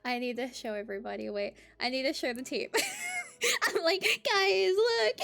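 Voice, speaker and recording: A woman with an Australian accent chatting casually on a livestream, giggly and excitable, swearing freely. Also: high-pitched, normal speed, vocal fry, faint music behind. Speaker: streamer.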